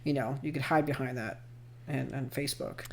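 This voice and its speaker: A man co-hosting a podcast, jumping into the casual chat with quick points. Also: mid-range voice, steady tone, creaky. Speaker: podcast co-host.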